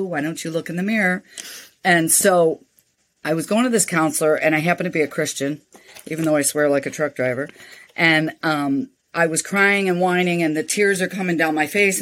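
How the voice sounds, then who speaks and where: Older lady guest, frank and animated, telling stories in a chat. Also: sits low. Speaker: guest, nonprofit founder. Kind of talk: interview storytelling.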